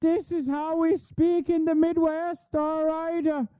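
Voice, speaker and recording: A man putting on a mocking, exaggerated folksy Midwestern woman with a high, shrill caricature voice. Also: little pitch movement, takes it slowly, dry recording. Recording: phone-like thin audio, dry.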